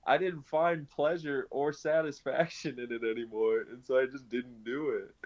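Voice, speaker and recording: A young man telling his conversion story in casual conversation, animated, laughing often and restarting his sentences. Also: medium pitch, normal speed. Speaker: guest sharing his conversion testimony. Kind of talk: conversational personal testimony. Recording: dull lo-fi sound.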